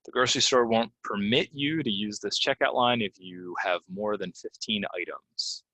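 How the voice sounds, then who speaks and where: A man teaching English pronunciation, reading example sentences and then repeating key words slowly with clear stress. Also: fairly low pitch, sharp tone, dry recording. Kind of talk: pronunciation lesson. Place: Orlando, Florida.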